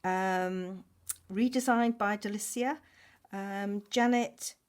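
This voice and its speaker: Slow-spoken woman crafter. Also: medium pitch. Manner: effusive and grateful, many fillers. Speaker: journaling vlogger. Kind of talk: casual craft vlog chat. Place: home craft room.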